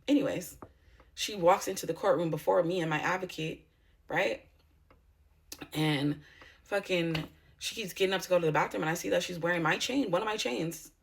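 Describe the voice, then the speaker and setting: A woman's voice: on the low side, normal speed, creaky, long pauses. A woman YouTuber telling a personal story in a casual vlog, blunt and heavy on profanity.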